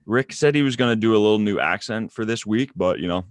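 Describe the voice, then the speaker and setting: A man's voice: on the low side, fast talker, dry recording. A man co-hosting a casual podcast, joking and bantering with his co-host. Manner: laid-back, joking banter. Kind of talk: casual chat.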